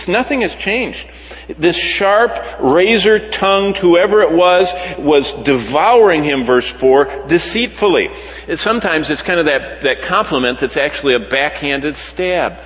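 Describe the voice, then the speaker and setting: A man preaching a sermon, swinging between loud emphatic lines and soft, slow ones. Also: on the high side, expressive. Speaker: pastor. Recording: long hall reverb.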